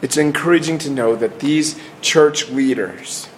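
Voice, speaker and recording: In a mid-range voice, a middle-aged preacher delivers an earnest sermon, with a little hiss or hum on the recording. He restarts a lot, and his phrases tend to fade into falling pauses.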